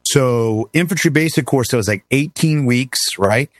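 A man in his fifties tells his stories as a guest in a lively, conversational way, throwing his voice up and down to play the people he quotes. His pitch sits in the middle for a man, and the sound is close and dry with no room echo. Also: normal speed, soft background music. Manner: animated, acts out quoted voices with big pitch swings. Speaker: guest, army veteran. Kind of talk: casual storytelling in a conversation.

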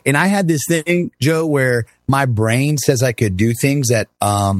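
A middle-aged man telling his army stories as an interview guest, animated, acting out the voices he quotes and laughing often. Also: medium pitch, no room sound, clean studio sound. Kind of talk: casual storytelling interview.

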